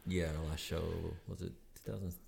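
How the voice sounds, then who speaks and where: A man's voice: low voice, fairly even intonation, brisk, gravelly, a little mellow, slightly rough. A man from North Carolina, a musician guest, chatting in a laid-back, agreeable way and telling stories. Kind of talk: casual interview chat.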